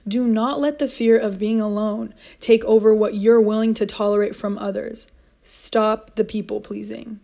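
A woman's voice: mid-range voice, fairly even intonation, normal speed, creaky, mellow. A young woman hosting a motivational podcast, talking in an earnest, encouraging way and repeating her key points. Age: young adult. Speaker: podcast host.

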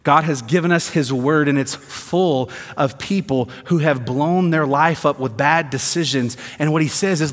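Pastor preaching in a reverberant hall. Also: male voice, on the high side, moderate pace, few pauses. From American South. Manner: swings from quiet emphasis to rising intensity, sarcastic asides. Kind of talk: sermon.

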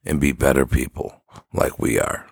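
Gravelly joking man hosting a podcast. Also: very deep voice, steady tone, normal speed, no room sound, clean studio sound. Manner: loud, joking and profane, tells stories. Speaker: podcast co-host. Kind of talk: casual podcast chat.

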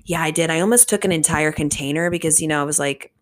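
This podcast host is a woman in her twenties from the Richmond, Virginia area, chatting solo in a casual, animated way and swearing freely. Her voice sits low and she talks fast.

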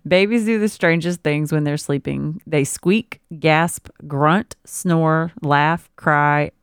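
A woman with a baby on the way reads parenting advice on a casual podcast she co-hosts, then riffs with laughing asides. She talks slowly in a low, steady, clean-toned voice. The studio sound is clean, with no room sound.

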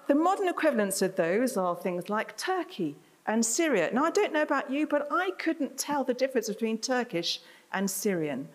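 A woman preaching a sermon to her congregation, chatty, with self-deprecating asides. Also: fairly high pitch. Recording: reverberant hall.

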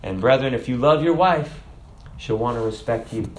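A man preaching a sermon in an animated, emphatic way. He talks conversationally and keeps asking his listeners questions. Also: medium pitch, normal speed, a little hiss or hum. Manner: animated, emphatic, acts out voices; conversational, asks the audience questions.

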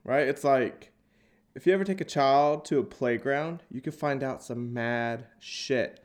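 A man's voice: medium pitch, measured pace. A man with a stuffy, nasal cold hosting a podcast and doing a crude, sarcastic stand-up bit from an echoey open office. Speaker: podcast host and stand-up comic.

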